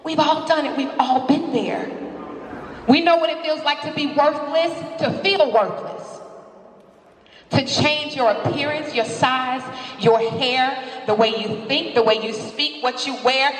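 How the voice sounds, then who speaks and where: A woman's voice: sits high, measured pace. A woman giving a passionate, candid motivational speech as a guest speaker, live before an audience in a large hall. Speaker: guest speaker at a women's seminar. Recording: echoey hall from far off.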